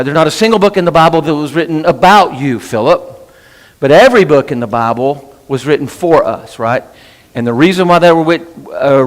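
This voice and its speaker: Chatty and prone to interrupting himself, a man teaching an informal Bible class keeps asking "right?" His fairly high voice has a big-room sound, fitting the church meeting room setting.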